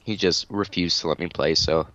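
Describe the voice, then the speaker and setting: A man with a stuffy nose in casual podcast chat, offhand and loud, on a muffled lo-fi mic. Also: low-pitched, fairly even intonation, moderate pace, dry recording.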